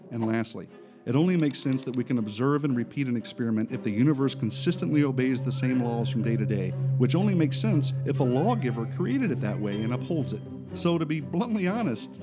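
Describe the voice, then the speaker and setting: A man giving scripted narration in a steady, explanatory way. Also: medium pitch. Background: music.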